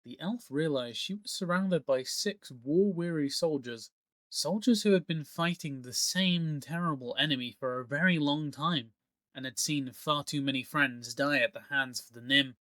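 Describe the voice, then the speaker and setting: Guy reading a fantasy audiobook, bright gravelly voice, dry close sound. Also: on the high side, normal speed, no echo. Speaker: audiobook narrator.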